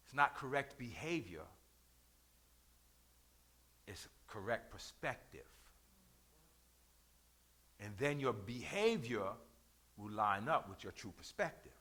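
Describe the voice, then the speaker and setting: A man preaching a sermon in call-and-response style, repeating lines for emphasis and rising to shouts at key points. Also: lowish voice, sing-song, slow, pauses often.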